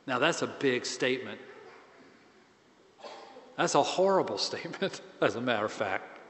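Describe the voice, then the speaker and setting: A man priest giving a conversational, self-deprecating sermon with animated swings in pitch and volume. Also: normal speed, pauses often, in a large hall.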